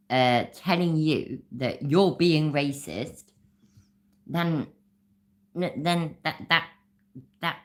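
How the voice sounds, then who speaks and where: A woman's voice: fairly low pitch, fairly bright tone. A woman hosting a reaction commentary, mocking and sarcastic, swearing freely. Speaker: channel host.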